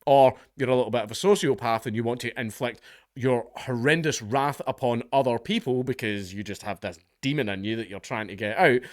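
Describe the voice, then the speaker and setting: A young Scottish man tears into his subject with profane, sarcastic scorn. His voice sits at an ordinary middle pitch. The recording is close and dry, with no room around it. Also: no echo. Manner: profane, mocking, sarcastic rant. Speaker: online commentator. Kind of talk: ranting commentary.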